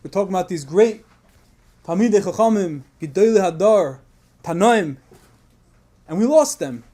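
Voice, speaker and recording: A man's voice: high-pitched, lively intonation, moderate pace. A man giving a Tisha B'Av sermon, telling a moving story with passion and rising intensity, sprinkling in Yiddish and Hebrew terms. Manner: builds to loud impassioned storytelling, Yiddish and Hebrew terms woven in.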